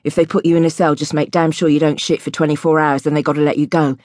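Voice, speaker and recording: A woman's voice: low voice, level tone, fast, a little mellow, no echo, clean studio sound, lightly acted. A woman voicing a streetwise man who gives crude, blunt advice.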